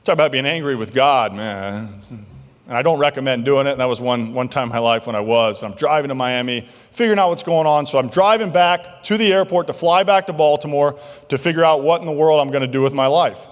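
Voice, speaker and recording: A male keynote speaker telling stories in an animated, jokey way to a banquet crowd. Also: mid-range voice, a little fast. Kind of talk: motivational keynote storytelling. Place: large banquet hall. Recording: long reverb of a large hall.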